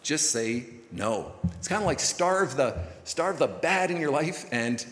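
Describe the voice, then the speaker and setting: A man's voice: on the high side, sing-song, a little slow, fairly bright tone. Male pastor, casual folksy delivery, reverberant hall sound. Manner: folksy, conversational preaching with many fillers. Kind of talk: sermon. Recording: echoey hall recording.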